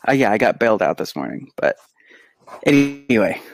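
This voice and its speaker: A man co-hosting a podcast, telling an animated, casual story and acting out the quotes. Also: on the low side, normal speed, vocal fry, dry recording. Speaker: podcast co-host; pediatric physical therapist. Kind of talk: casual chat.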